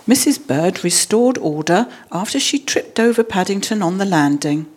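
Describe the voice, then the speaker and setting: A woman reading a children's storybook aloud in a measured, expressive way. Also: mid-range voice.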